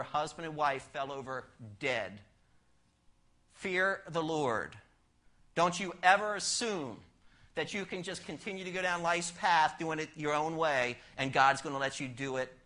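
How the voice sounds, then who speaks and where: Pastor guy preaching, high bright forceful voice, lots of questions to the crowd, goes quiet then loud. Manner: emphatic preaching with rhetorical questions; swings between soft and loud, fast and slow. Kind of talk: sermon.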